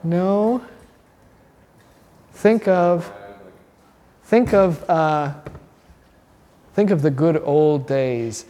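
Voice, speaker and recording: Chatty pastor teaching a class, reverberant hall. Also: male voice, on the high side, very slow, pauses often. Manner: animated, chatty, asks the class questions.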